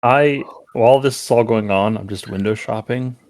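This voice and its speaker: A man's voice: mid-range voice, moderate pace, a little mellow, no echo. A man in casual tabletop banter who loosely describes what his character does. His voice sits mid-range. The sound is dry and close. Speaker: player.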